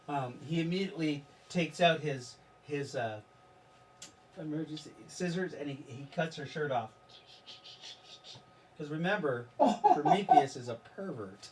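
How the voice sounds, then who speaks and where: A man running a tabletop game as game master, talking in a rambling, halting way and laughing at his own jokes. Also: a little high, a little mellow, recorded from a distance, a little hiss or hum.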